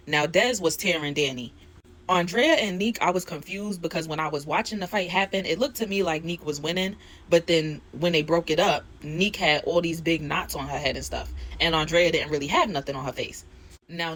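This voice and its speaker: A woman's voice: low voice, fairly bright tone. Slangy woman recapping reality TV. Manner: slangy, conversational storytelling. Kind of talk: casual recap chat.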